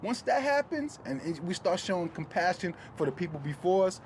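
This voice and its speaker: A man's voice: high voice, big pitch swings, fairly quick, slight background noise. A male rap artist answering interview questions in a loose, conversational way, leaning on "you know.".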